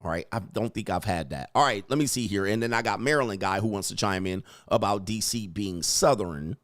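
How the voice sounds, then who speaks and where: A man's voice: on the low side, brisk, fairly bright tone, no room sound. A man hosting a casual livestream, reading viewer comments and riffing with profane, joking commentary. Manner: profane, joking, reads chat aloud. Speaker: livestream host and dating coach.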